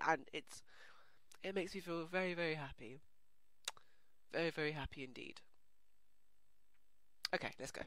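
A young adult with an English accent giving casual commentary on a horror game, easily startled into screaming and then chatting softly with viewers. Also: mid-range voice. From England. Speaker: let's play gamer. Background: game music.

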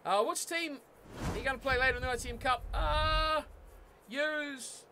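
A young man commentating a rugby video game live and chatting with viewers, excitable and laughing often. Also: extremely high pitch, normal speed, a little hiss or hum. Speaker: game streamer.

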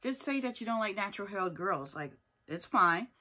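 A woman talking straight to her audience in a casual vlog, recapping a reality show with plenty of sass. She presses her opinions hard and tags many of them with a pointed "okay?". Her voice sits at an ordinary middle pitch. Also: lively intonation, normal speed, bright, forceful tone. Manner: sassy and emphatic, often tags points with "okay?". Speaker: TV show reviewer.

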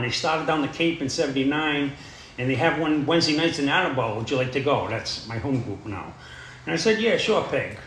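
A man's voice: medium pitch, fairly bright tone, slight background noise. Middle-aged guy telling his story at a meeting, rambly, lots of you know, echoey room. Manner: plain-spoken, rambling, frequent "you know" and "uh". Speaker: AA speaker sharing his story. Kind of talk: recovery talk, storytelling.

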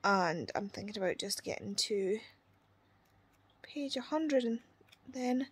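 A young woman, chatting casually about a book she is reading in a vlog, retelling scenes with quoted voices and quick asides. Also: medium pitch, animated, breathy edge. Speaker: book vlogger.

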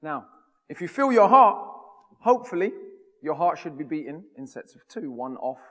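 A man's voice: fairly high pitch, very animated, normal speed, fairly bright tone. A man from the United Kingdom giving a public talk, with a rhythmic, emphatic delivery. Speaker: speaker. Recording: long hall reverb.

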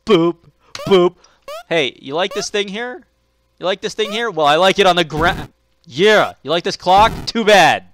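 A man voicing a bratty, destructive male house cat who loudly mocks its owner while playing a video game. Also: high-pitched, lively intonation, measured pace, a little hiss or hum, pitched above the performer's own voice. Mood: gloating. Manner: loud, gloating, mocking taunts.

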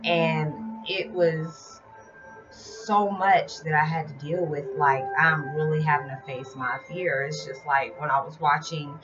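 A woman's voice: sits low, fairly even intonation, unhurried. A woman talking casually and confidingly to her channel about spiritual matters, in a rambling, heartfelt way. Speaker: vlogger. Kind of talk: casual spiritual vlog talk. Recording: slightly dull lo-fi sound with music behind. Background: music.

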